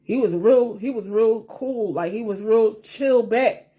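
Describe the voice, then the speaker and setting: A woman vlogger with a somewhat high voice talks straight to her viewers in a loose, casual chat. She rambles, circles back to repeat herself, swears freely and laughs as she talks. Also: unhurried, breathy edge, highs cut off.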